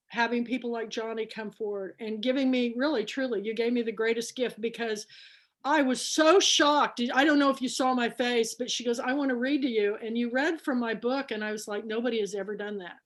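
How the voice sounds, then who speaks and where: Kansas lady hosting a book club on a video call, chatty and emotional, voice sits a bit high. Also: fairly even intonation, moderate pace. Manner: chatty, emotional, retells conversations. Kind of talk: casual chat on video call.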